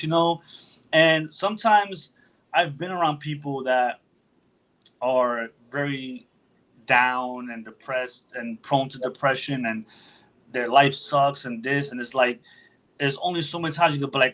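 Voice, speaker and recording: Profane, animated podcast host, man. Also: fairly high pitch, moderate pace, highs cut off. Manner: loose and profane, acts out quotes in other voices. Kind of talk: casual chat.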